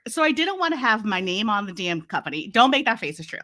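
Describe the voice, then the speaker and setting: A woman from Massachusetts with a Massachusetts accent, chatting as an interview guest, a lively storyteller who laughs often and acts out quotes. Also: on the high side, a little fast, hardly any pauses. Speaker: podcast host and guest. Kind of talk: casual interview chat.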